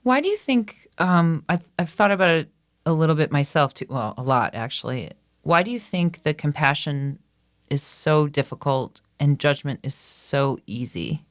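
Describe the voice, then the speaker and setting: A woman podcast co-host and coach asking measured, probing questions. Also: deep voice, lively intonation, dry recording, studio quality. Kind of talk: interview questions.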